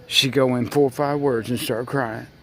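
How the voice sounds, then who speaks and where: A man giving a rambling, impassioned monologue, speaking straight to his listeners and swinging between loud outbursts and near murmurs. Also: medium pitch, steady tone, normal speed.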